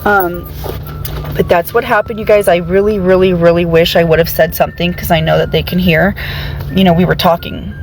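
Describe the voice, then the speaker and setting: A woman's voice: fairly low pitch, fairly even intonation, a little fast, a little mellow, soft background music, low-quality recording. A woman telling her followers a story in a chatty vlog style, nervous and often saying "you guys". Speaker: TikToker recounting a jail visit.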